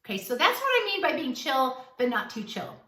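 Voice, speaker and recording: A woman's voice: high-pitched, wildly swooping pitch, brisk, sharp tone, roomy sound, distant mic. Woman host, dating advice talk, emphatic and direct, recorded a little off-mic. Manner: blunt, emphatic, acts out quoted dialogue.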